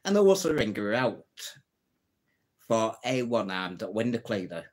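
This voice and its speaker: A man's voice: on the low side, big pitch swings, measured pace, a little mellow. Jokey man on a live stream. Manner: jokey, chatty, chuckles at his own puns; greets and answers viewers' comments. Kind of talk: casual live-stream chat telling jokes.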